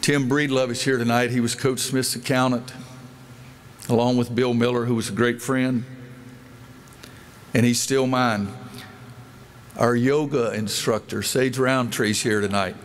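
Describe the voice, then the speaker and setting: A man's voice: medium pitch, steady tone, measured pace, pauses often, slight background noise. A man in his sixties, a basketball coach speaking at a dedication event in a large indoor arena, telling folksy stories and acting out the dialogue in them. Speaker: basketball coach giving a speech.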